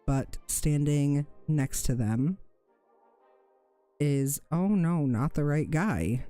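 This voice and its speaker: A game master narrates a fantasy tabletop game, describing scenes at a slow, careful pace. The voice is mellow and relaxed, with small self-corrections along the way. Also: medium pitch, dry recording, soft background music.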